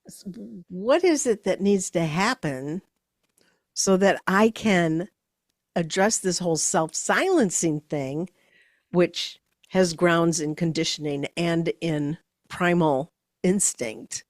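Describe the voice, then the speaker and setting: A woman's voice: on the low side, takes it slowly, dry recording, studio quality. A woman co-hosting a podcast, thinking aloud and searching for words as she talks. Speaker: podcast co-host. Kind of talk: casual podcast conversation.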